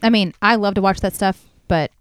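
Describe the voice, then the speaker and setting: A woman's voice: mid-range voice, a little fast, smooth, no echo, clean studio sound. A woman co-hosting a podcast in casual chat, adding short remarks and longer explanations. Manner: chimes in with short comments, then explains at length. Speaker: podcast co-host.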